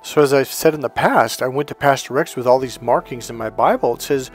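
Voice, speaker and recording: A man casually telling personal stories to camera, animated and rambling, laughing as he goes. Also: medium pitch, fairly quick, soft background music. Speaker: spiritual coach and video host. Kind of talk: casual storytelling monologue.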